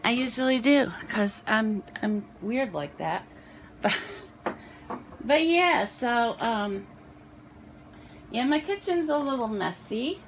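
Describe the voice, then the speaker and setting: A woman's voice: on the high side, big pitch swings, takes it slowly, vocal fry, pauses often, a little hiss or hum. A woman vlogger chatting casually to her viewers, rambling and self-deprecating, out of breath after dancing. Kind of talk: casual chat to camera.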